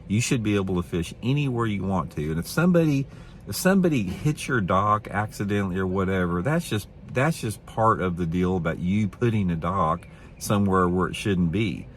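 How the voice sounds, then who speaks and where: A man's voice: low-pitched, slight background noise. A man hosting a fishing channel, telling a story in a casual, rambling way, often repeating himself and sounding indignant. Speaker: fishing show host.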